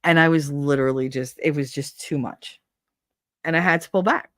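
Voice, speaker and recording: A woman's voice: deep voice, moderate pace, no room sound, clean studio sound. A woman streamer with a New Jersey accent who chats casually and rambles, laughing often and swearing freely. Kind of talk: casual solo chat.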